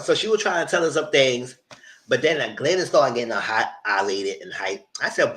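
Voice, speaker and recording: A man giving a live recap of a reality show, retelling scenes in an animated way and acting out what the cast said. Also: medium pitch, fairly quick. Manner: animated retelling, acts out cast members' lines. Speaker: show reviewer.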